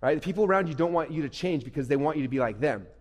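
A man giving an energetic, conversational motivational talk to young people from a stage. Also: on the high side, rapid-fire. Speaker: motivational speaker. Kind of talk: live motivational talk to youth. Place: stage at a live event. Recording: echoey hall.

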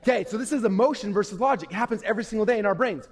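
High-pitched and breathy at the edges, a man races through an upbeat talk for young listeners in an echoey hall. He's leading a workshop and keeps checking in with the crowd by asking "okay?" every few sentences.

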